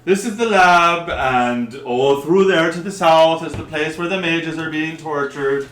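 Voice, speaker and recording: A man's voice: fairly high pitch, a little slow, fairly bright tone, pitched above the performer's own voice. Man playing a breezy woman lab guide. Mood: offhand. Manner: casual, offhand tour-guide talk. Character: unbothered woman showing off a torture lab. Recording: echoey room.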